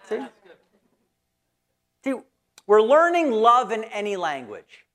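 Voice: mid-range voice, big pitch swings, slow, a bit bright. A pastor giving a conversational, folksy sermon in church.

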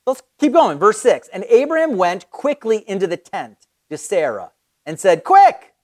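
An excited Bible teacher leads a casual study, with a voice that rises and falls a lot. The talk is loose and conversational, full of quick restarts and asides to the listener. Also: mid-range voice. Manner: enthusiastic, conversational, with frequent restarts.

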